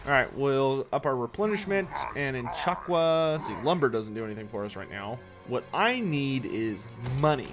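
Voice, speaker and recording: A man streaming a strategy game live, chatting casually, answering viewers' questions and sounding tired. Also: on the high side. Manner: chatty, answers chat questions, swears when annoyed. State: tired, yawning. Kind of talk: casual live-stream commentary while playing.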